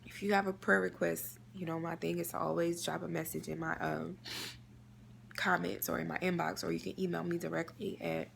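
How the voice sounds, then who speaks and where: A woman's voice: fairly low pitch, little pitch movement, brisk, slight background noise. A woman giving an earnest, faith-based inspirational talk, repeating phrases for emphasis in a prayerful way. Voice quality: gravelly creaky voice. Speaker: inspirational vlogger.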